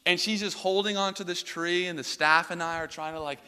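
A young male pastor tells a personal story from the pulpit in a loose, casual way, full of filler words. His voice is bright and sits a little high, and it carries a long reverb through the hall. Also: fairly even intonation, fairly quick, clean tone.

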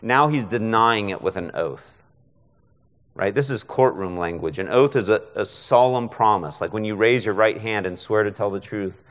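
Low-voiced man preaching in a hall. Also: normal speed. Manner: conversational, frequent rhetorical "right?". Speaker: guest preacher. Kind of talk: expository sermon.

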